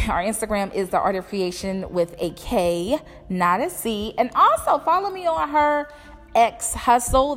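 Music and a long echo sit behind a young woman's fairly high, somewhat bright voice. She's an entrepreneur and vlogger delivering a blunt, casual motivational talk to camera, swearing liberally as she speaks to her viewers.

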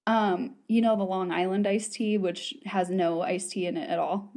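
A woman's voice: mid-range voice, fairly even intonation, moderate pace, a little mellow. An American woman chatting casually as a co-host, rambling along with plenty of fillers and restarts. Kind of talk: casual chat.

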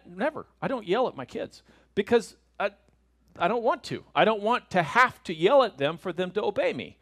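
A middle-aged man teaches a Bible lesson. He is conversational and often asks rhetorical questions. His voice sits a little high for a man. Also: a bit bright.

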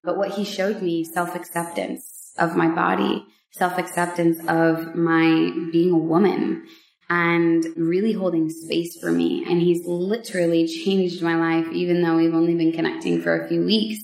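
A woman on a vlog, telling a personal story in a casual, heartfelt way, with emotional pauses and many fillers. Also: lowish voice, flat delivery, creaky, a little mellow, roomy sound, faint music behind. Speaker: vlogger sharing a personal story.

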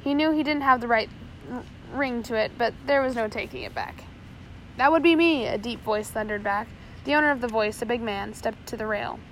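A woman reads an audiobook chapter aloud at a steady pace. Her voice sits somewhat high, and a faint noise hums underneath. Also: a little fast, rough recording. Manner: steady reading with small slips. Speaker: audiobook narrator. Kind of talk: audiobook narration.

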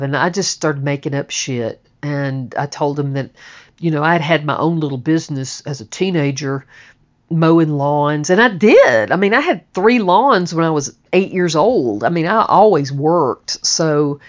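Low-voiced woman telling a candid story. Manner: candid and conversational, casual swearing. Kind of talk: personal storytelling. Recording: dull lo-fi recording.

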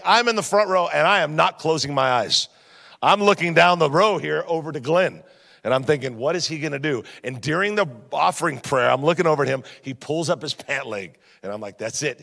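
Gravelly-voiced pastor preaching with jokes. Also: male voice, fairly high pitch. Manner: animated, jokey, talks straight to the crowd. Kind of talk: sermon with humorous storytelling. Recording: long reverb of a large hall.

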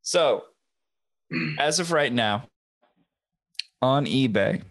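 A man rambles through a story on a casual podcast, full of fillers and restarts. His voice sits at a middle pitch. The sound is dry and close. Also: expressive, very slow, fairly bright tone, dry recording. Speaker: podcast host. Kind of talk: casual chat.

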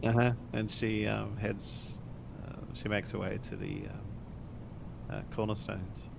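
A man narrating his character in a tabletop game, slow and halting with frequent ums. A constant rumble runs under his voice. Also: vocal fry. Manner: hesitant, lots of ums. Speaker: player. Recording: steady rumble in background.

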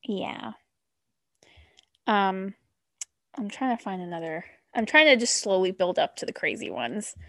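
A woman co-hosting a podcast, chatting bluntly with lots of swearing and quick reactions. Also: mid-range voice, expressive, fairly bright tone, no room sound, clean studio sound. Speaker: podcast co-host. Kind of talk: casual chat.

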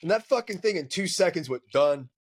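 A man's voice: high-pitched, quick pace, husky. A man on a podcast, a dog trainer telling stories in casual, profane chat. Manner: profane, storytelling, animated.

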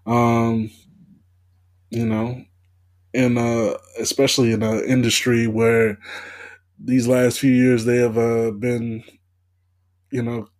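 Slow-talking hesitant man on a podcast. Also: medium pitch, level tone, a little mellow. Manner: hesitant, many uh and you know fillers. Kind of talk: casual chat.

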